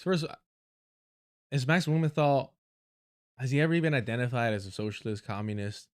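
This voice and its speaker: A man's voice: medium pitch, steady tone, moderate pace, pauses often. A man hosting a livestream, reacting to clips with sarcastic, profane ranting and frequent laughter. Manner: mocking, laughs often. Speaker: livestream host. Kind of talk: live commentary reacting to clips.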